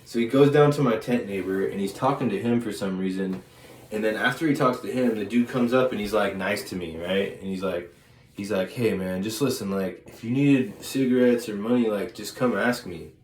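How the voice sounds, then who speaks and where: Rambling man in an echoey room. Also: on the low side. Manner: rambling, halting with many restarts and fillers. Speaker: vlogger. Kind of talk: casual storytelling. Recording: echoey room with faint ambient noise.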